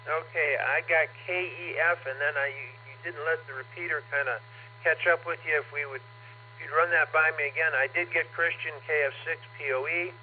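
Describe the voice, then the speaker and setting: A man acting as net control on an amateur radio net, calling out callsigns in a relaxed, hesitant way. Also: on the high side, fairly quick. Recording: tinny radio audio with faint hum.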